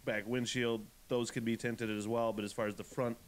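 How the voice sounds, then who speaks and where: A man hosting a podcast, telling a story in a profane, animated, ranting way. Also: medium pitch, moderate pace. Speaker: podcast host. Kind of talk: casual podcast chat.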